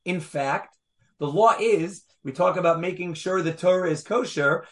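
In an animated small-group Torah study, a man reads verses aloud and presses his listeners with rhetorical questions. His voice sits high and a bit bright, at normal speed.

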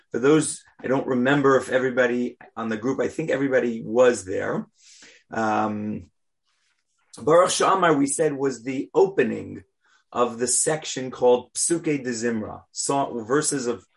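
A man teaching a weekly class on prayer, speaking deliberately and stressing key words as he explains them. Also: medium pitch, vocal fry. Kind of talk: religious class lecture.

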